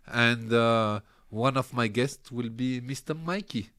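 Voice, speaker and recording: A middle-aged man, a podcast guest telling animated stories in broken English and laughing often. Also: medium pitch, slow, clear, resonant tone. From France. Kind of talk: casual interview chat.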